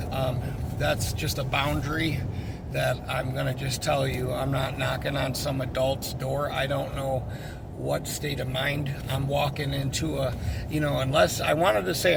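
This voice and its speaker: A man's voice: mid-range voice, gravelly, very noisy. A man who works in pest control, telling a work story in a casual, profane, exasperated way.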